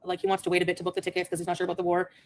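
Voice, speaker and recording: A woman vlogger telling a story in a rapid, exasperated way, reading out text messages. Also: fairly low pitch, monotone, slight background noise. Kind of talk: casual storytelling vlog.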